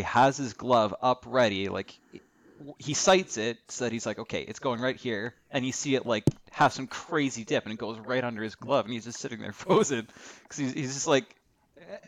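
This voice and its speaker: A young man in a casual hockey chat, explaining plays in a relaxed way and restarting his sentences often. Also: mid-range voice. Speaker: podcast co-host.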